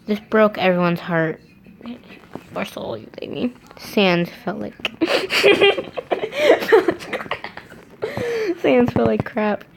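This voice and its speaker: A woman's voice: medium pitch, unhurried, creaky, noisy background. A woman reading fan fiction aloud, breaking off to laugh and comment on it.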